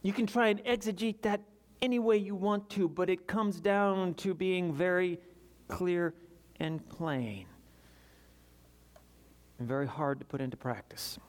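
Male preacher, earnest sermon delivery, voice sits a bit high, swings between urgency and quiet confession. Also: unhurried, long pauses.

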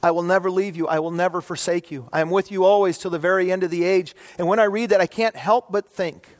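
A man's voice: sits high, steady tone, fast, in a large hall. A middle-aged male pastor preaching a sermon in a conversational way, often asking "right?" and posing rhetorical questions to the congregation.

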